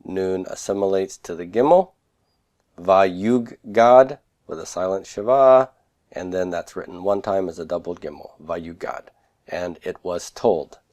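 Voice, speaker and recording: A middle-aged man teaching Hebrew grammar in a recorded lecture, slow and methodical, sounding out words syllable by syllable. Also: low voice, darkish tone.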